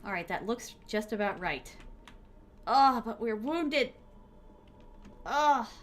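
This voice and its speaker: A young woman game streamer gives excitable live commentary, chatting with her viewers as she plays. Her voice sits high and swings widely in pitch. She keeps up a running patter of reactions to everything on screen. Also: slow pace, slight background noise. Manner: excitable, talks to herself and chat while playing.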